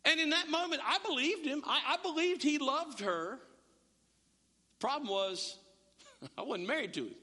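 A man preaches with a high, bright and forceful voice that swings widely in pitch. He talks conversationally and acts out back-and-forth dialogues. His voice rings with the long reverb of a church sanctuary. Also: expressive, a little slow, long pauses. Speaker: pastor. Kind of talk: sermon.

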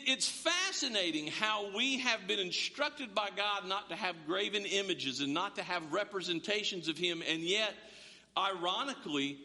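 Lively, bright-voiced man preaching. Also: high-pitched. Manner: conversational, humorous, animated storytelling. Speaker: pastor. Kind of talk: sermon. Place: church sanctuary. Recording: long echo of a large hall.

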